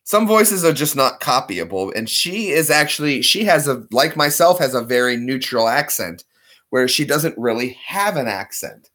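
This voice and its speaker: Lively, bright-voiced man chatting. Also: mid-range voice, moderate pace. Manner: chatty, keeps slipping into character voices. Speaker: vlogger doing voice impressions. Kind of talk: casual chat.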